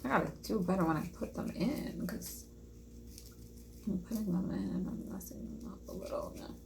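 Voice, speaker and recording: A woman's voice: mid-range voice, moderate pace, gravelly, heavy background noise. Chatty young woman vlogging a craft. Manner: self-deprecating, chatty, talks to viewers while painting. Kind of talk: casual craft vlog chat.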